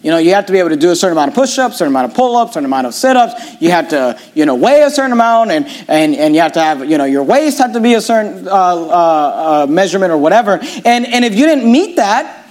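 A man preaching a sermon as pastor, emphatic, rising to loud peaks and dropping to low quiet lines. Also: big pitch swings, quick pace, few pauses. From United States.

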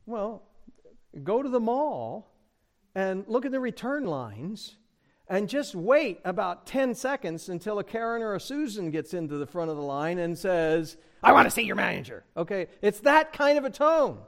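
A man preaching an expository sermon, addressing the congregation directly and rising in pitch and volume for emphasis. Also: very animated, measured pace. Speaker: pastor.

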